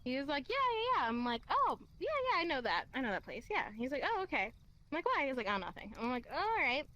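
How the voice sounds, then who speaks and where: Young girl, high voice, telling a story, doing all the voices, swears a lot. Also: quick pace, muffled recording. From Kentucky, USA. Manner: animated, acts out quoted lines, laughs often, swears. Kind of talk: casual storytelling.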